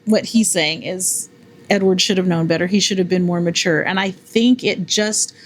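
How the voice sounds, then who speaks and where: A woman's voice: fairly low pitch, steady tone, moderate pace, a little hiss or hum. A woman hosting a casual podcast chat, teasing her guest and laughing often. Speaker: podcast host.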